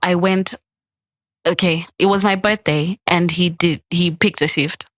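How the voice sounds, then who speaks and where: A woman's voice: fairly low pitch, measured pace, dry recording. A young adult woman, a podcast guest, telling a personal story in casual chat and acting out the quoted lines. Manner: animated, acts out quoted dialogue.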